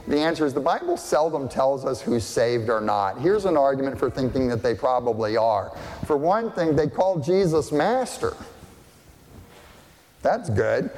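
A man preaching a sermon as pastor, deliberate and questioning, often checking that listeners follow. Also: fairly high pitch, a little mellow. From family partly German and partly English. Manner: slow, deliberate, asks the congregation questions. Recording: long hall reverb.

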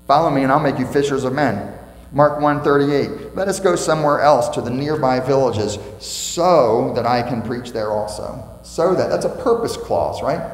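Emphatic pastor preaching in an echoing hall. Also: male voice, medium pitch. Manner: emphatic, asks the congregation questions and repeats key phrases. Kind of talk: sermon. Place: church sanctuary. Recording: echoey church hall with faint mains hum.

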